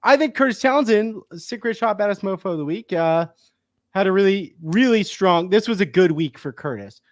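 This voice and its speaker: A man chatting on a sports podcast, his pitch bouncing up and down as he rambles through a bit and keeps cracking himself up. The sound is dry and close, with no room around it. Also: expressive, moderate pace, no room sound. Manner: giggly, rambling, breaks into laughter while reading. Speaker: podcast co-host. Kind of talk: casual sports chat.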